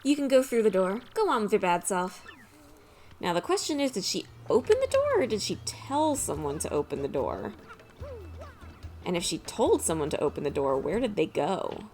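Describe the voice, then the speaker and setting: A woman's voice: medium pitch, huge pitch swings, normal speed, darkish tone, soft background music. A young woman hosting a let's play, chatting casually about the game and laughing often. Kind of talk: casual gameplay commentary.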